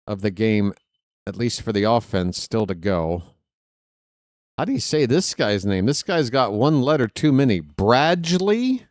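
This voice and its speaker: A man doing live play-by-play of a baseball game for viewers, chatty and joking with the chat between pitches. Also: darkish tone, dry recording, clean studio sound. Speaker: fan play-by-play announcer.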